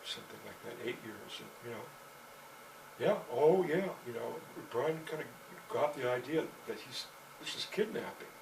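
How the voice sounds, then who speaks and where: A man's voice: medium pitch, animated, moderate pace, gravelly. A man telling a long personal story in a meandering, profane way, with constant "you know" fillers. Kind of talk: rambling personal storytelling monologue. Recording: distant mic with faint background noise.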